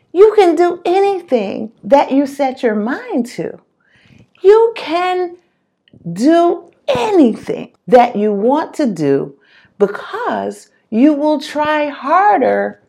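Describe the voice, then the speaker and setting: A woman's voice: high-pitched, vocal fry, darkish tone. A woman giving an earnest, encouraging motivational monologue and repeating phrases for emphasis.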